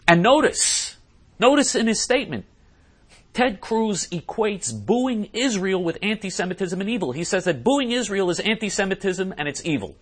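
A man with a somewhat high voice delivers a ranting commentary monologue. He hammers his points home, repeats and restarts phrases, and clears his throat now and then. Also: expressive, moderate pace. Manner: emphatic and repetitive, often clears throat. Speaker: political commentator.

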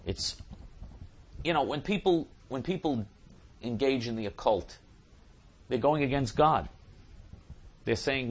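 A man's voice: mid-range voice, lively intonation, slow pace, long pauses, slightly rough. A man hosting a show, answering listener questions in an emphatic casual monologue that repeats phrases for stress.

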